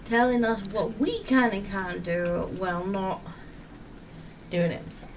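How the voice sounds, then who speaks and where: A woman's voice: mid-range voice, measured pace, distant mic, slight background noise, rough recording. A woman hosting a casual gaming chat, ranting in exasperation and swearing freely. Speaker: podcast host.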